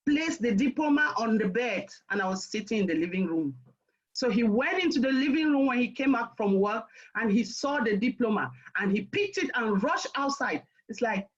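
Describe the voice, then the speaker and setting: A middle-aged woman telling her own life story to listeners, with an emphatic, direct way of speaking. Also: high voice. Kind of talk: personal storytelling. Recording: muffled lo-fi recording.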